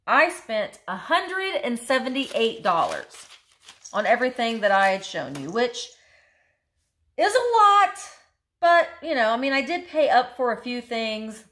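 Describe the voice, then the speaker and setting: Chatty woman with a lively, high voice. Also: a little slow. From United States. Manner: chatty, enthusiastic, thinks aloud with restarts. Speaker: thrift reseller vlogger. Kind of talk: casual haul video chat.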